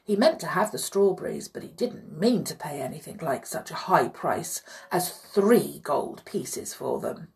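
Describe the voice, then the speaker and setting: A woman reading a children's story aloud, expressive and hushed in places. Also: low-pitched, a little slow, hardly any pauses. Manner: expressive, hushed and breathy at times.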